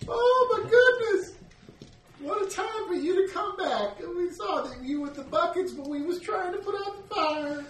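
Man doing a shrill old village mother. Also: animated, normal speed, a bit bright. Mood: overjoyed. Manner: shrill, overjoyed wailing. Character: frantic elderly mother, old woman. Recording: echoey room, distant mic.

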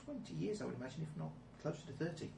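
A man's voice: on the high side, lively intonation, racing, vocal fry, mellow. A man narrating a tabletop game as game master, in a wry, amused way. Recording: echoey room, mic far off, with noise.

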